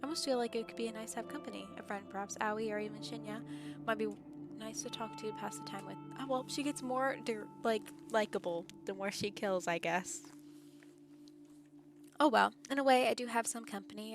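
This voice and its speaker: A woman's voice: fairly high pitch, a little fast. A young woman streaming, chatting casually and reading a visual novel aloud, somewhat out of breath and stumbling over words now and then. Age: young adult. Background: game music.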